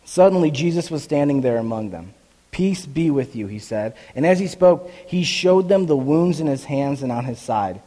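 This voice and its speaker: A man's voice: medium pitch, a little mellow. A man preaching a conversational sermon as a pastor, reading scripture and acting out the voices in quoted dialogue. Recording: long echo of a large hall.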